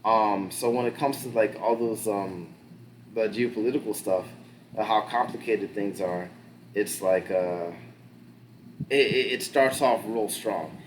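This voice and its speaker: Low-voiced man rambling casually. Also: unhurried, slight background noise. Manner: rambling, filler-heavy, swears freely. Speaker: podcast co-host. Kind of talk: casual pop-culture discussion.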